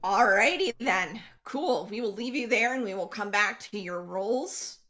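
A woman runs a tabletop role-playing game as its game master. Her voice is bright and forceful, and she speaks slowly. She often pauses on fillers as she sets each scene. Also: mid-range voice, lively intonation. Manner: unhurried, hesitant with many fillers.

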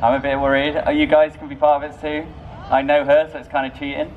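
A man's voice: fairly high pitch, completely flat delivery, fast talker, distant mic, phone-quality sound. A man performing as a street busker, bantering cheekily and mocking himself while talking to passers-by outdoors. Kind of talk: busking crowd banter. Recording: noisy outdoor street recording.

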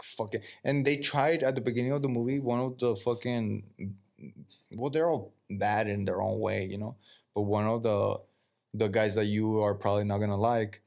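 Profane man retelling a movie. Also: on the low side. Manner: profane, animated storytelling, acts out quotes. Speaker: podcast co-host. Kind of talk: casual chat.

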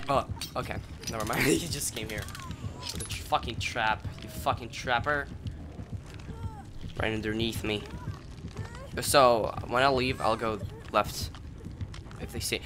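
A young man commenting on his own game play, yelling and swearing in angry bursts at the game. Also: medium pitch, a little slow, long pauses, a little hiss or hum. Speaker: gaming channel host. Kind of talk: gaming commentary.

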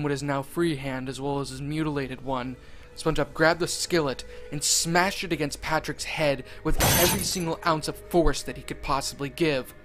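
A man reading a horror story aloud, deliberate and dwelling on grisly details. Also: fairly high pitch. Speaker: narrator. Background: faint music.

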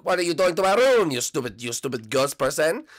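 A man voicing a grumpy, blunt male turtle-like character in a low, gruff manner. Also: very animated, brisk.

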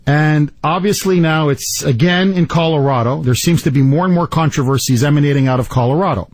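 A man hosting a talk radio show, telling a story with mock outrage and lots of animated emphasis. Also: fairly high pitch, brisk, no room sound, rough recording.

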